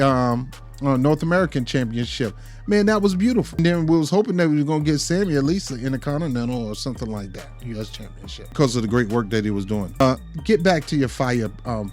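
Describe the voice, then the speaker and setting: A man's voice: medium pitch, darkish tone. A man giving a casual wrestling review in a rambling, informal way, often repeating words as he talks.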